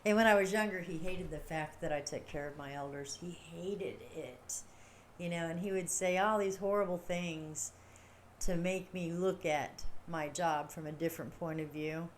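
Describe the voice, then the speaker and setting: A woman's voice: lowish voice, normal speed, a little hiss or hum. A woman chatting casually to her livestream viewers, rambling and laughing often as she talks. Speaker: livestream host.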